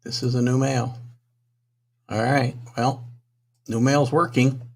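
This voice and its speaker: A man's voice: mid-range voice, steady tone, slow pace, gravelly, darkish tone. A man hosting a live sports talk stream, flustered and apologetic, muttering to himself while fighting technical trouble. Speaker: sports talk show host.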